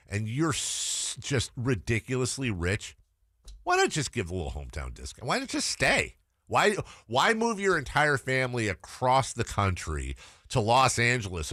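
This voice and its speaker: Animated, opinionated sports radio host, a man. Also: on the low side, no room sound, clean studio sound. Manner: animated, opinionated, thinking aloud.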